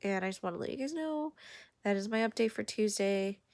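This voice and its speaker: Gravelly, blunt woman vlogging. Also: medium pitch, animated, fairly quick, a little mellow. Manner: blunt, rambling, swears freely. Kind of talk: casual personal vlog update. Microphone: handheld camera at arm's length.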